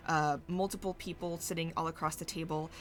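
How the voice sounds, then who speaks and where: A woman narrating a tabletop role-playing game as game master, halting and searching for her words as she describes scenes. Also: deep voice, steady tone.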